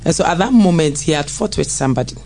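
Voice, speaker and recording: A preschool educator, telling a classroom story to parents in an earnest, animated way. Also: mid-range voice, quick pace, creaky, poor audio. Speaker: preschool educator and guest speaker.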